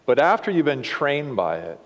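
A man's voice: mid-range voice, very animated, moderate pace. Folksy male pastor in a reverberant hall. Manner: folksy, chuckling at his own quips. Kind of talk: sermon. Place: church sanctuary.

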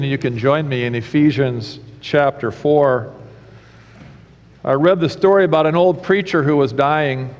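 Pastor preaching in a reverberant sanctuary. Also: male voice, fairly high pitch. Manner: storytelling with humor, preacherly. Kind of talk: sermon. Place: church sanctuary. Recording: church sanctuary with long reverb.

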